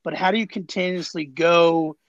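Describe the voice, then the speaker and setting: A male podcast host with a somewhat high voice asks his questions in an affirming, conversational way. His audio sounds muffled and lo-fi, with no room echo at all. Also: steady tone, moderate pace. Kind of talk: interview questions.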